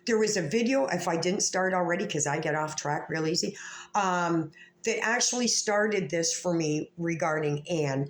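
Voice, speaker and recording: A woman rants to her camera in a heated, cursing, confrontational torrent. Her voice sits a little low. The room rings with echo, and a faint ambient noise runs underneath. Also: moderate pace. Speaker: vlogger. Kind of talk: angry rant to camera.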